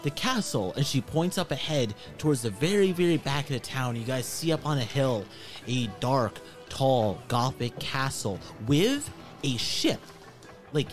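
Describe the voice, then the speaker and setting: A man running a tabletop game, narrating loosely and joking as he goes. His pitch moves all over, and faint music plays behind him. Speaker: game master.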